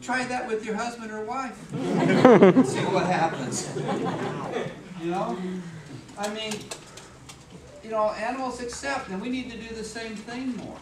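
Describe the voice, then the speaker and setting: Lively, humorous man giving a motivational talk. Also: very high-pitched, moderate pace, crowd noise. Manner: humorous, animated, acts out voices and sounds. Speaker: speaker at a business meeting. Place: office meeting room. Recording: echoey room, far from mic, background noise.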